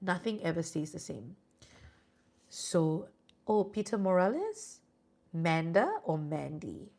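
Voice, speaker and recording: A Singaporean woman who reads tarot on live streams chats casually with viewers, reassuring them and sprinkling in "lah". Her lowish voice has a gravelly edge and is a little mellow, very animated yet slow, and she sounds sleepy, yawning.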